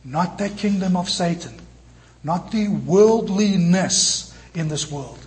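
A man preaching a sermon in church, moving between lively emphatic passages and soft, tender quoted lines. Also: high-pitched, slow pace. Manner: animated preaching, quoting scripture in soft tender tones. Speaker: pastor.

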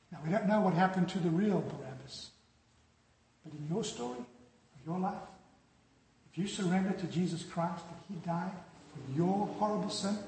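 A man preaching a sermon, telling the story dramatically and dropping from loud to hushed. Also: sits high. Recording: echoey hall with long reverb.

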